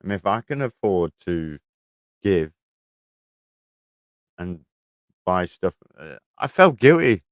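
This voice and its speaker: A man's voice: sits low, sing-song, takes it slowly, pauses often, dry recording. A man, chatting casually on a livestream from his shed, telling rambling stories full of swearing. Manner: rambling storytelling, heavy swearing. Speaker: livestream host. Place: garden shed.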